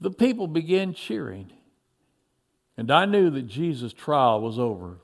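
A man narrating a dramatic first-person story, moving between excited and hushed telling. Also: fairly high pitch, measured pace.

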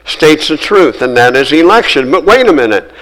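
A man preaching a sermon, earnest and emphatic, repeating phrases and slowing down to stress key words. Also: a little high, lively intonation, fairly bright tone, low-quality recording.

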